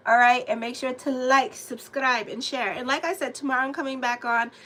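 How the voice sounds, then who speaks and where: Bright, chatty woman tarot reader. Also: high voice, brisk. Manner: chatty, animated asides to viewers. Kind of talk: casual tarot reading livestream.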